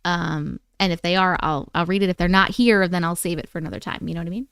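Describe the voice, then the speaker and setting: A woman's voice: fairly low pitch, fast, vocal fry, a bit bright, smooth, no room sound, studio quality. A woman hosting a casual livestream, chatting and greeting viewers by name in a bubbly way. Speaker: livestream host. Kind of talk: casual chat reading live comments.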